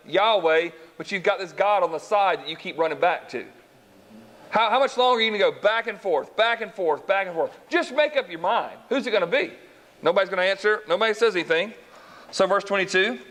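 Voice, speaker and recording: A man preaching a sermon, reading scripture aloud and acting out the voices of its characters while asking his listeners questions. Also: sits high. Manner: animated, acts out voices in the story, asks the congregation questions. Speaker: pastor.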